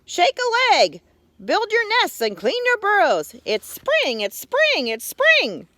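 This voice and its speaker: A woman voicing a tiny, cheerful male frog in a storybook read-aloud, shouting and bubbly. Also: very high voice, huge pitch swings, takes it slowly, no echo, pitched above the performer's own voice, exaggerated voice. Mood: exuberant.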